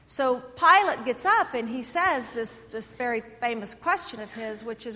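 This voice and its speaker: A woman pastor preaching a sermon in a church sanctuary, telling stories animatedly, swinging between loud and soft. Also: on the high side, expressive, unhurried, hardly any pauses. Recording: echoey church hall.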